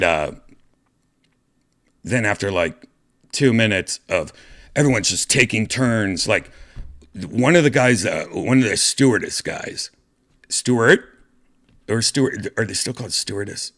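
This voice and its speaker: A man's voice: fairly low pitch, a bit bright. A man hosting a podcast, telling a story in a loose, rambling way, with lots of swearing, fillers and restarts. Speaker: podcast host. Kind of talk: casual storytelling monologue.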